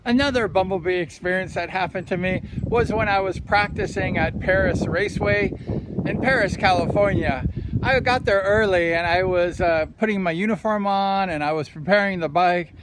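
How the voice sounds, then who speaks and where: The recording is very noisy, with music under the voice, as a man with a high voice talks at a moderate pace. He's an ex-motorcycle racer telling amused stories on a casual vlog. He jokes at his own expense while out by the ocean at low tide with his dog.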